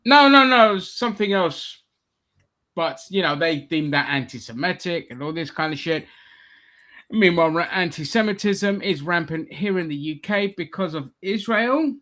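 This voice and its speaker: A man's voice: a little high, normal speed, fairly bright tone. A man hosting a livestream, ranting in a crude, sarcastic way. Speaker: livestream host.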